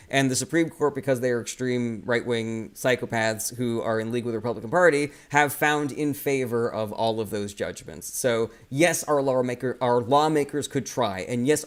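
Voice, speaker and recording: Male streamer, casual political commentary, heated and profane, reacts to viewer comments. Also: medium pitch. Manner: reads viewer comments aloud and answers them. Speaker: political livestream host.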